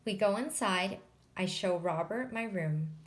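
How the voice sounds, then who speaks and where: A woman reading a children's picture book aloud, slow and unhurried. She takes care over each sentence and pauses to explain words for young listeners. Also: medium pitch, lively intonation. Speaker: storybook reader.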